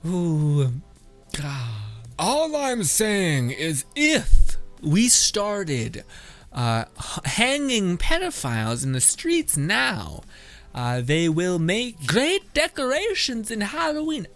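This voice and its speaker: A man's voice: high voice, huge pitch swings, slow, a bit bright, soft background music. Laughing, foul-mouthed young-sounding man. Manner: laughs a lot, swears freely, blunt. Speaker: streamer reacting to memes. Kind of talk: casual commentary.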